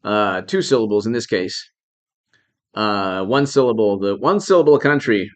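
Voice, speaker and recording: A man's voice: lowish voice, lively intonation, moderate pace. Man, commentary host, indignant, rhetorical questions, repeats himself, thanks viewers. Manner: thanks viewers by name while talking. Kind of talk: live-stream political commentary.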